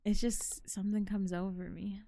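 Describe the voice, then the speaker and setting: A woman's voice: medium pitch, level tone, moderate pace, gravelly, mellow, no room sound. A young woman chatting casually and rambling while she plays and comments on a horror game. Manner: chatty, rambling, self-deprecating. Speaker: streamer.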